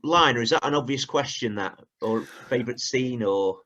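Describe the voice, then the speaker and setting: A man's voice: mid-range voice, normal speed, sharp tone, lo-fi sound. A man hosting a podcast, asking casual questions with affirming interjections. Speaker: podcast host.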